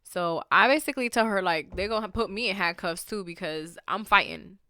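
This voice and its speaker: A woman's voice: mid-range voice, a little fast, pushed and bright, dry recording. A woman hosting a podcast, telling a story in a casual, rambling way with lots of fillers and flaring into heated indignation. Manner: heated and indignant when riled. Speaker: podcast host.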